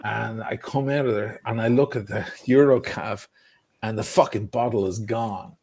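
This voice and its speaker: A man telling a wild story in casual chat, swearing freely and animated. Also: fairly low pitch, normal speed, vocal fry, breathy edge. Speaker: guest storyteller.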